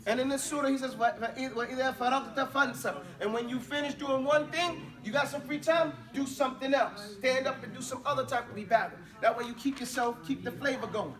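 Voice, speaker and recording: A man's voice: extremely high pitch, quick pace, hardly any pauses, fairly bright tone, distant mic. A man teaching an Arabic class in a casual, chatty way. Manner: casual, mixes English and Arabic drills.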